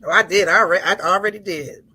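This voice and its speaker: A woman co-hosting a radio show, joking bluntly in casual chat, with a husky voice. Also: fairly low pitch, fairly quick, sharp tone. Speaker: radio co-host.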